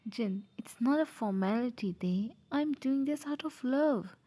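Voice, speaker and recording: A woman's voice: on the high side, animated, unhurried, dark tone, breathy edge. A woman voicing a fussy, doting male parent in a mafia family in a fan audio drama, gushing and affectionate.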